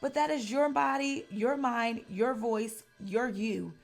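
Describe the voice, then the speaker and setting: A woman's voice: on the high side, takes it slowly, soft background music. A woman giving a casual tarot reading to camera, earnest and at times heated and emphatic. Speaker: tarot reader.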